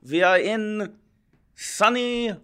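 Dude doing a goofy fake german accent, loud and high. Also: male voice, drawn-out words, smooth, full character voice. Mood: hammy. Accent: mock German. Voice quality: exaggerated. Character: man faking a German accent.

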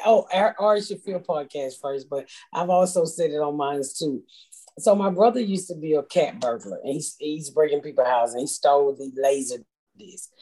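A woman's voice: deep voice, dark tone. A middle-aged woman from the United States, a guest talking casually and telling stories bluntly, with plenty of profanity. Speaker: podcast guest. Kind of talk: casual chat.

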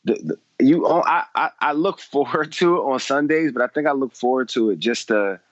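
A man co-hosting a podcast, halting and stammering in casual chat about a TV show. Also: medium pitch, no room sound, dull audio.

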